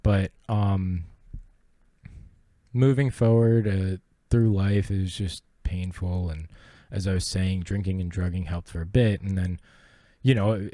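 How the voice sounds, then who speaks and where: A man's voice: on the low side, dark tone, no echo. A young man hosting a podcast, telling his personal story in a rambling, profane and earnest way. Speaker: podcast host.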